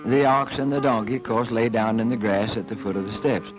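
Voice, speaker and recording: A man tells a folk tale in a folksy, homespun drawl at a mid pitch. The recording is a dull old film soundtrack. Faint music plays underneath. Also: a little fast. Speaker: storyteller.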